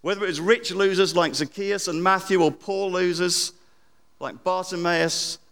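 Preacher, man: reflective sermon, loud then hushed, bright tone, echoing church hall. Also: high-pitched, fairly even intonation, normal speed. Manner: reflective, with repeated phrases and wide swings from loud to hushed. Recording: long church reverb.

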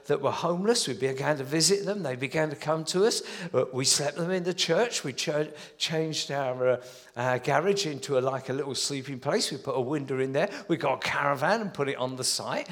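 Male preacher, 70s, chatty storytelling sermon, slightly high, long church-hall reverb. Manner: storytelling, warm and conversational with frequent restarts.

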